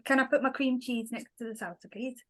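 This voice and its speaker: A woman's voice: a little high, fairly even intonation, a little fast. A woman playing a tabletop game, chatting casually and giggling between remarks. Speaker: player.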